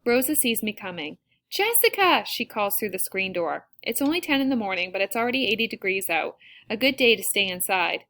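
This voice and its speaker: A woman's voice: medium pitch, brisk. Woman reading a novel aloud. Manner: plain, steady storytelling. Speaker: audiobook reader. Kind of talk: first-person novel narration.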